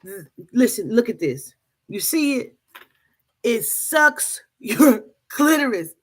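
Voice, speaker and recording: A woman vlogger telling a comic story straight to camera, loud and profane, breaking into laughter. Her voice is a touch husky and sits a little high. She talks slowly but swings her pitch up and down a lot. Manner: animated, profane, bursts of laughter. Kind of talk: casual comedic storytelling to camera.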